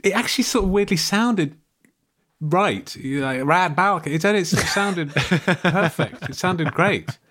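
A man's voice: high voice, animated, slow, fairly bright tone. A British man co-hosting a podcast in casual chat, playful and rambling with many restarts. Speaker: podcast host.

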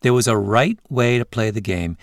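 A male podcast host narrating a scripted story in a measured way, with interview clips in between. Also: on the low side, dry recording, studio quality.

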